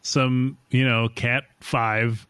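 A man in casual podcast banter, chatty and joking. His voice sits at a middle pitch. He is recorded close in a dry home room with no echo. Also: flat delivery, very slow, fairly bright tone, clean tone. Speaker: podcast co-host. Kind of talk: casual chat. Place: home room with clothes hung to baffle echo. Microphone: remote recording over internet.

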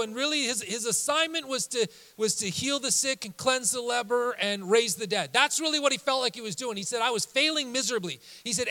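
High, bright-voiced male preacher telling a story. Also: rough recording. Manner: animated storytelling, swings from loud emphasis to hushed low tones. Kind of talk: sermon storytelling.

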